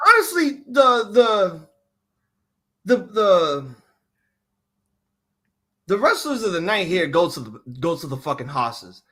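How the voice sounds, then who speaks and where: A man hosting a casual wrestling reaction chat, excitable and profane, often restarting his sentences. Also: high-pitched, takes it slowly, long pauses. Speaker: podcast host.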